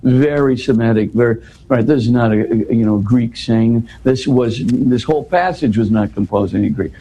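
A man's voice: medium pitch, moderate pace, mellow, poor audio. A man explaining a scripture passage in a scholarly but casual way, with frequent restarts and "you know". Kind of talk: conversational explanation.

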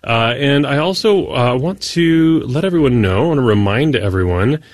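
A man's voice: mid-range voice, lively intonation, moderate pace, no room sound, clean studio sound. A man announcing on a radio show, reading promotions in an upbeat way. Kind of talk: announcement read.

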